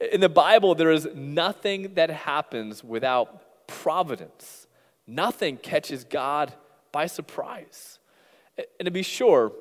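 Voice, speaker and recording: A young adult man preaching a devotional sermon in a conversational way, often saying "like", telling personal stories and slowing into a quiet prayer. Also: a little high. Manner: slows and softens toward a quiet prayer. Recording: long hall reverb.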